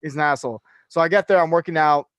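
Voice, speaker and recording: In a fairly high voice and at a quick pace, a young Californian personal trainer spins a story on a laid-back podcast. His telling is animated and profane, packed with fillers.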